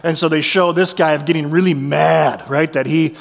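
A man preaching a sermon as a pastor, telling stories in a conversational, animated way with restarts. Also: a little high, moderate pace, gravelly, big-room sound.

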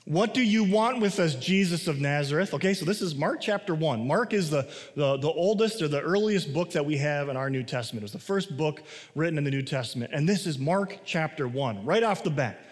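A pastor giving a sermon, mixing casual asides and restarts with slow, stressed phrases. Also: male voice, a little high, lively intonation, in a large hall.

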